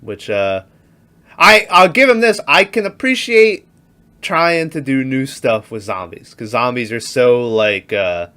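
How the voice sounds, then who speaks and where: A young man co-hosts a casual movie podcast, recapping scenes in an easygoing way. His voice has a bright, forward tone, and he often breaks into laughter. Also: mid-range voice, very animated, unhurried. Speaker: podcast co-host. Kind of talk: casual movie review chat.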